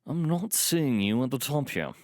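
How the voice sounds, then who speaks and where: A man's voice: medium pitch, very animated, normal speed, no room sound, clean studio sound, pitched above the performer's own voice, natural voice. A man voicing a refined male valet who speaks politely, with a pleasant, cultivated manner. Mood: courteous.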